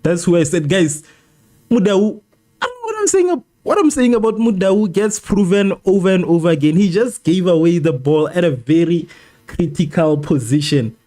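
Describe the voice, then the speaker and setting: A man hosts a live football watchalong, his voice sitting a little high yet soft and mellow in tone. He frets over the game, circles back to the same complaints again and again, and argues with viewers in the chat. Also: moderate pace. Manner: exasperated, repeats himself, argues with chat. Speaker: livestream host. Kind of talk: live match watchalong reaction.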